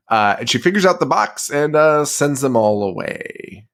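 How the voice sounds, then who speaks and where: A man's voice: on the high side, expressive, normal speed, a bit bright. A man co-hosting a horror movie podcast, casually recapping the plot with lots of swearing and laughter. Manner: profane, laughing, recounts plot with put-on quotes. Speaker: podcast co-host.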